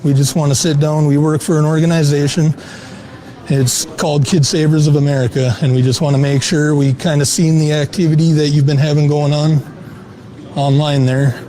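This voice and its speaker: A man from a vigilante group confronting someone at a shopping mall, talking in a calm, coaxing way and repeating reassurances. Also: on the high side, normal speed, low-quality recording. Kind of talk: on-the-street confrontation. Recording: clip with clear background noise.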